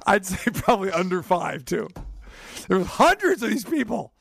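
A middle-aged man hosting a sports radio show, telling a rambling story with animated swings between high and low. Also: moderate pace, creaky, no room sound, clean studio sound. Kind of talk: casual sports talk chat.

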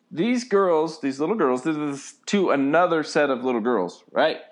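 A man rambles through stories in a casual podcast chat, often restarting and chuckling. His voice sits a little high and swings up and down a lot. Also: expressive, a little slow. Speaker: podcast co-host, father.

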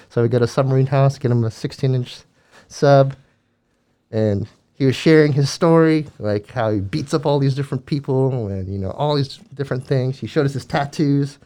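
Man, mid-pitch, earnest animated storyteller, casual chat. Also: moderate pace. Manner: earnest, animated retelling with acted quotes. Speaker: guest telling a ministry story.

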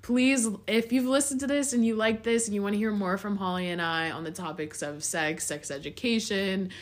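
A chatty young woman hosting a casual podcast with her best friend. Her voice sits at a middling pitch, and her talk is loose and filled with "like.". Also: normal speed. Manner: chatty, says "like" often. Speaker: podcast host. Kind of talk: casual chat.

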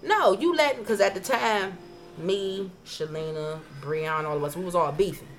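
A woman on a podcast telling stories in casual chat, profane and animated, acting out her own past arguments. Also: lowish voice, moderate pace, a little hiss or hum. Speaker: podcast co-host.

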